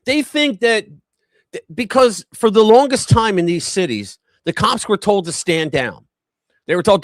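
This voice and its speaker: A man's voice: high-pitched, sing-song, measured pace, no room sound, studio quality. A man hosting a live news commentary stream, talking in a blunt, heated, profane way.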